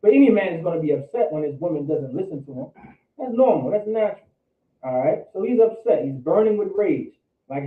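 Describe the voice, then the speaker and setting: A man with a somewhat high voice preaches a Bible lesson in loose slang, stumbling and repeating words. He sounds far from the mic in a roomy, echoing space. The audio is thin and phone-like. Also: expressive, fairly quick. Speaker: Bible class teacher. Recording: echoey room, distant phone-like mic.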